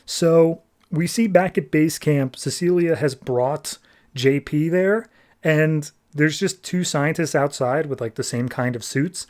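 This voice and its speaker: A man with a fairly high voice for his sex talks through a comic's plot as a podcast host. His delivery is loose and conversational, sprinkled with "like" and quick paraphrased lines from the characters. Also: darkish tone. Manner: loose, chatty retelling with frequent "like" and quick paraphrased quotes. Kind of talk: casual plot recap.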